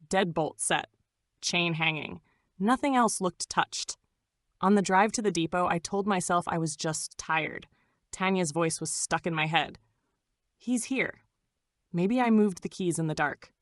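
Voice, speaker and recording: Female storyteller, low register, dramatic scripted first-person narration. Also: no room sound. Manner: dramatic, suspenseful.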